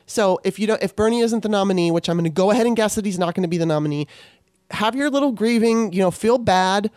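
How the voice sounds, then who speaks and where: A woman podcast host talks solo in a casual, impassioned way, clearly worked up and swearing freely. Her voice is medium-pitched and somewhat dark, and she speaks fast. The recording is dry, with clean studio sound.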